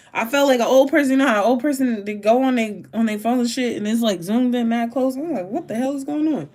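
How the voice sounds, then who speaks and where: A woman doing a casual tarot reading, talking in a rambling, emphatic way and swearing freely. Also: medium pitch. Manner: profane, rambling and emphatic, with sudden laughs. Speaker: tarot reader.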